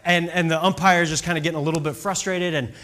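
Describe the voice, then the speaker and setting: Speaking fast in a slightly high voice, a man plays a youth baseball coach sharing a story with a moral. He keeps it animated and conversational and regularly checks in with his audience.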